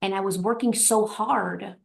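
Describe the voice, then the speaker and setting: Earnest woman on a podcast, gravelly fry in her voice, keeps repeating herself for emphasis. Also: mid-range voice, fairly even intonation, measured pace. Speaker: podcast guest. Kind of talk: heartfelt podcast conversation.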